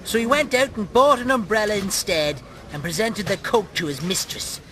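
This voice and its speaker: A man's voice: high-pitched, moderate pace, sharp tone, slight background noise. A man with an Irish accent voicing a crude, cantankerous puppet who tells smutty stories and insults his brother. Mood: storytelling. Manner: mocking, insulting, gleefully crude. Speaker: puppet show co-host. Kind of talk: comic puppet storytelling and bickering.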